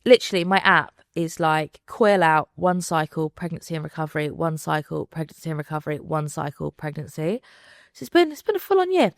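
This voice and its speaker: Woman in her 30s chatting on a podcast, lots of likes and ums, lowish voice, dry mic. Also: animated, brisk, gravelly, no room sound. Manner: chatty, lots of fillers, acts out quoted voices. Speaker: podcast guest. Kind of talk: candid conversational chat.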